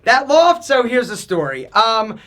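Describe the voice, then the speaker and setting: Man, vlog host, very high voice, bouncy lively pitch, energetic to-camera talk, acts out his own reactions. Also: measured pace. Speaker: lifestyle channel host.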